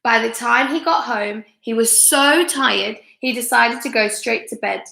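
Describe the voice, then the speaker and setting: A woman teacher reading a children's book aloud, slow and expressive, stopping to ask her listeners questions. Her voice is bright, slightly high and a little gravelly. An echoey room surrounds it. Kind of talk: live read-aloud story time.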